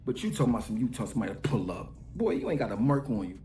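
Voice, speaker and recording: A man's voice: mid-range voice, sing-song, very fast, mellow, reverberant, faint music behind. A middle-aged man ranting heatedly, mocking and scolding someone in a played clip. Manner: mocking, scolding, trash-talking.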